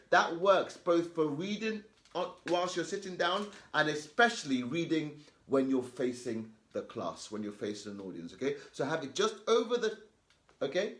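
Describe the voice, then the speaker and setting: Animated man teaching kids to read aloud. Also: high voice. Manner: emphatic, repeats okay and all right constantly; reads example sentences slowly and deliberately. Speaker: teacher giving reading tips. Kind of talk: lesson to children on reading aloud.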